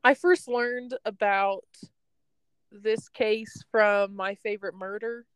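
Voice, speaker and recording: A young woman tells a story in a loose, chatty way, wandering off the point and laughing often. Her voice is smooth and clear, and it sits close and dry, with almost no room sound. She sounds like she is talking from a parked car. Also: medium pitch, fairly even intonation, slow, no room sound, poor audio. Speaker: podcast host telling a story. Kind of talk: casual storytelling chat.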